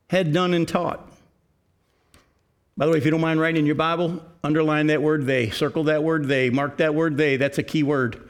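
Man preaching with a higher voice. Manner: conversational preaching with rhetorical questions. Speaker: pastor. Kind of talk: sermon.

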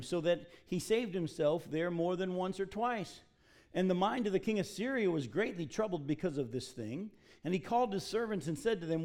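Male pastor, slightly raised pitch, preaching and reading scripture, deliberate emphasis. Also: darkish tone. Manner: reads scripture then preaches, addresses congregation directly. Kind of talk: sermon with Bible reading.

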